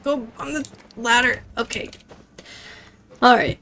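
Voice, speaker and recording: A woman's voice: on the high side, fairly even intonation, slow, vocal fry, bright, forceful tone, slight background noise. A woman streaming a game, chatting casually and jokingly with her viewers, often laughing. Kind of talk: casual gameplay chat with chat.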